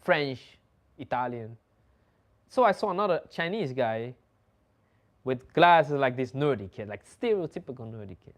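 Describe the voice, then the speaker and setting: A mid-pitched young Dutch man hosts a relaxed chat at a moderate pace, pausing often. He tells his stories animatedly, with plenty of laughing and swearing.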